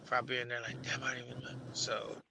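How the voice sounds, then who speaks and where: Gravelly man on a noisy stream. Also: mid-range voice, completely flat delivery, fast talker. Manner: profane, relieved, talks loosely. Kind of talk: casual chat.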